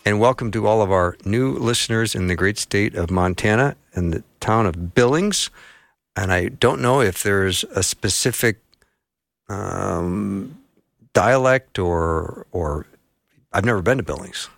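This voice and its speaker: A man's voice: on the low side, unhurried, vocal fry, fairly bright tone, no room sound. A man hosting a Christian talk radio show from a studio, folksy and joking. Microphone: studio microphone.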